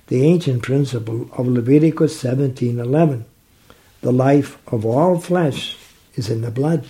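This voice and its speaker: A man explaining a Bible passage in conversation, reading verses slowly and reflecting on them. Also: mid-range voice, dark tone, rough recording. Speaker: Bible teacher. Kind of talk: scripture commentary in conversation.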